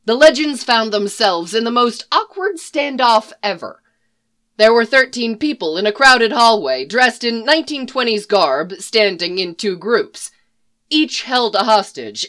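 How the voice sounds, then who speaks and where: A woman narrating a fan fiction story in an expressive reading voice. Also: mid-range voice.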